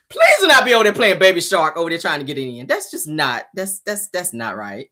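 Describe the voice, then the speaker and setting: A woman's voice: fairly low pitch, big pitch swings, quick pace, few pauses, sharp tone. A woman hosting a casual celebrity gossip show, sassy and teasing, laughing often as she reacts to viewer comments. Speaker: show host.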